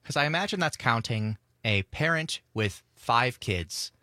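A man's voice: mid-range voice, animated, measured pace, bright, forceful tone, no room sound. A man working as producer and engineer on a radio talk show, chiming in with dry, wry remarks in casual banter. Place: radio studio. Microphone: studio microphone.

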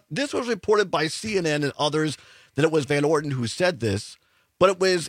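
A man's voice: a little high, fairly bright tone, no room sound. A man hosting a political talk radio show, sarcastic, with chuckling asides and frequent restarts.

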